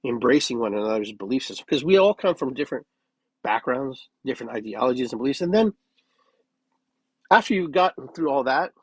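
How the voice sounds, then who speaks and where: A man's voice: mid-range voice, slightly rough, dry recording, rough recording. A man hosting his own podcast, talking through his thoughts in an earnest, musing way and repeating phrases with changing inflection. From United States. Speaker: podcast host. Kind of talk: reflective solo podcast monologue.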